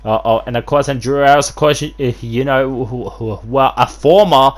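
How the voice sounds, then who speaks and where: A man's voice: medium pitch, normal speed. A man calling wrestling play-by-play as host, rambling through constant fillers and restarts, breaking into bursts of hype. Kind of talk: excited wrestling play-by-play commentary.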